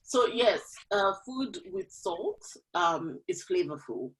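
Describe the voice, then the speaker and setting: A woman hosts an online women's gathering over a video call. Her voice swoops up and down with lively energy. She is chatty and laughs easily between remarks. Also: medium pitch, slow, poor audio. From Kenya. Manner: animated, laughs often, chatty. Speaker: host of an online women's forum. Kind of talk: casual chat on a video call.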